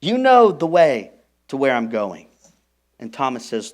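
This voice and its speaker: A man preaching a sermon as pastor, emphatic, moving from hushed, intimate lines to loud, stressed ones. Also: medium pitch, very animated, a little slow, long pauses. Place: church.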